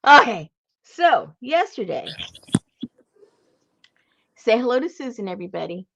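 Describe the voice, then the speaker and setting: A woman's voice: fairly high pitch, very animated, measured pace, vocal fry, background noise. Chatty woman telling stories with laughs. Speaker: craft vlogger. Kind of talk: casual chat while crafting. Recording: dull lo-fi sound.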